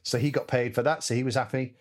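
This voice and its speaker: A musical director, appearing as a guest in a casual chat, tells lively anecdotes and acts out the voices and sounds in them. He speaks fast at a medium pitch.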